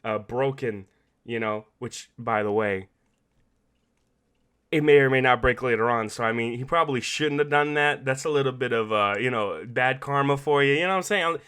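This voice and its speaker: Bright, animated, profane male podcaster. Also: mid-range voice, normal speed, clear, resonant tone. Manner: animated and profane, laughing often. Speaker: podcast host. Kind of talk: casual late-night game recap.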